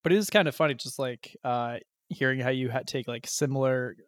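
Young man with a mid-pitched voice, telling an animated story. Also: a little fast, no room sound, studio quality. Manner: animated storyteller, swears casually. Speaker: tabletop game player. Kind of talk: casual podcast chat.

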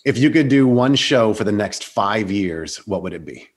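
A man's voice: lowish voice, expressive. Upbeat host, a man. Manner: upbeat, laughs often, quick quiz questions. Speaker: interview host. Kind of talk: podcast interview with quiz round.

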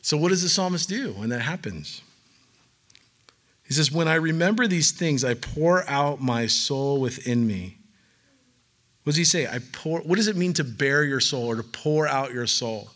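A man's voice: fairly high pitch, lively intonation, moderate pace, a bit bright. Joking, chatty male preacher. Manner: conversational, joking asides, acts out quoted voices. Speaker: pastor. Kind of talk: sermon.

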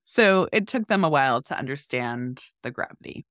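A woman's voice: extremely low pitch, expressive, normal speed, dry recording, clean studio sound. A woman in her forties, a podcast co-host, telling a story in casual chat with animation and acting out what people said.

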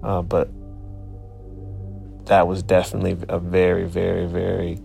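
Low gravelly man telling a story. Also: completely flat delivery, moderate pace, dark tone, soft background music. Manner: reflective, searching for words. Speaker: guest storyteller. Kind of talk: casual spoken storytelling.

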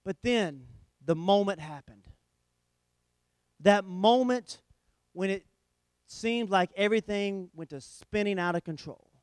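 A man with a very high, smooth voice preaches a sermon, his storytelling animated and swinging between loud emphasis and hushed lines. The sound is close and dry, with no room echo. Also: takes it slowly, pauses often.

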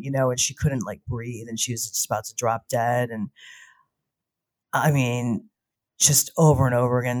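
A woman in recovery telling her own story in an emotional, halting way, often repeating words. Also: rumbling low, steady tone, a little mellow. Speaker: guest in recovery from addiction.

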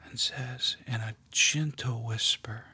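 Slow, hushed man leading prayer. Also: mid-range voice, steady tone, husky. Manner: slow, hushed, often whispering. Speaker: prayer leader. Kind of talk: guided prayer meditation.

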